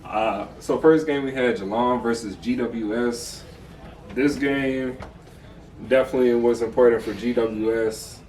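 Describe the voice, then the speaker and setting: A man's voice: mid-range voice, unhurried, darkish tone, slight background noise. An American man co-hosting a casual sports recap, laid-back and slangy, tossing in "bro" often. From United States. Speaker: podcast co-host. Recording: echoey room, mic far off.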